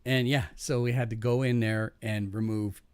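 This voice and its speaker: A man's voice: medium pitch, fairly even intonation, normal speed, clean tone, no echo. A man in a casual podcast chat, telling profane, rambling stories from his jobs with frequent restarts and laughing at his own punchlines.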